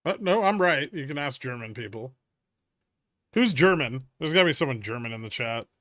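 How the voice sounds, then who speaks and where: A man's voice: mid-range voice, animated, moderate pace, sharp tone, no room sound. A man hosting a casual live trading stream, answering chat with dry, wry banter. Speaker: livestream trading host.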